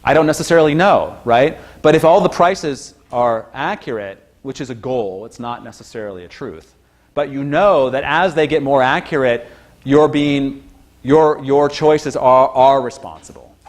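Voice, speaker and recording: Speaking at a moderate pace, this lecturer keeps his university talk informal and lively. When he imitates other people's words, his voice jumps into high exclamations.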